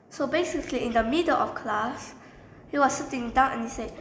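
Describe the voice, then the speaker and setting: A woman with a high, slightly bright voice tells a story from her teaching days at a brisk pace. She rambles casually, repeating filler phrases as she narrates. The room is echoey, with faint background noise.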